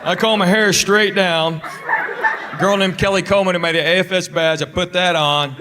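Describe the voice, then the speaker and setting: A man performing stand-up comedy, telling a story in a dry, unhurried way and acting out other people's lines. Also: sits high, fairly even intonation, a loud crowd, very noisy. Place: comedy stage before a live audience.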